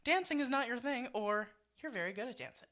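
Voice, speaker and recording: A woman's voice: fairly high pitch, expressive, brisk, a bit bright. A woman co-hosting a podcast, chatting casually, reading out quiz options, laughing and swearing freely. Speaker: podcast co-host. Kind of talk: casual chat.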